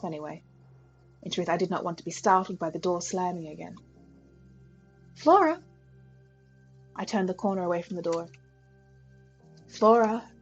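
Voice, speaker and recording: A woman streamer reading a visual novel's first-person narration aloud at a steady pace, with small stumbles. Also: fairly low pitch, low-quality recording.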